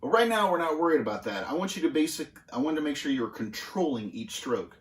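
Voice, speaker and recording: Relaxed drum teacher in an echoey room. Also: male voice, fairly high pitch. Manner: relaxed, halting with many fillers. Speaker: drum instructor. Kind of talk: casual instructional demonstration. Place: music school practice room.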